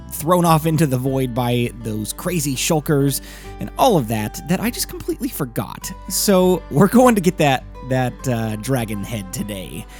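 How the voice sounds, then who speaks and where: A young man talks through his game as a Let's Play host, chatty and easygoing, his voice still a little rough from the morning. His pitch swings up and down in lively, animated talk. Faint music plays underneath. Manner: chatty, animated narration of his own gameplay. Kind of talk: casual gameplay commentary.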